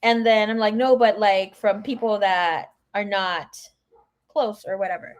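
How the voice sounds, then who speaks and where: A woman's voice: mid-range voice, steady tone, measured pace. A woman giving a casual live tarot reading, chatting and telling stories to viewers she calls by name. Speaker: tarot reader.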